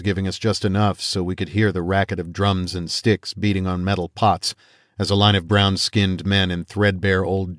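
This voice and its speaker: A man reading a first-person fantasy audiobook aloud in a measured storytelling manner, voicing the characters he quotes. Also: low voice, no echo, clean studio sound. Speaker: audiobook narrator.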